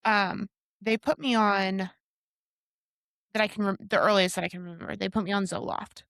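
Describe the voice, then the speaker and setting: A woman's voice: mid-range voice, fairly even intonation, moderate pace, vocal fry, a bit bright, dry recording. A woman in her thirties co-hosting a podcast, talking frankly and reflectively. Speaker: podcast co-host. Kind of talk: casual chat.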